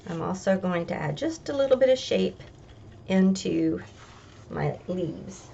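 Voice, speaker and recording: Gravelly woman talking through a craft. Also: fairly low pitch, expressive, a little slow, dark tone, dull audio, a little hiss or hum. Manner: chatty, homey, talks through each step. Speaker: craft tutorial host. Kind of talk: casual step-by-step craft demonstration.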